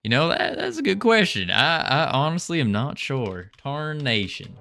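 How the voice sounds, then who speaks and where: A man's voice: fairly high pitch, huge pitch swings, normal speed, creaky, pushed and bright. A man on a casual livestream, rambling and thinking aloud with small restarts while he works on code. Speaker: game developer streaming.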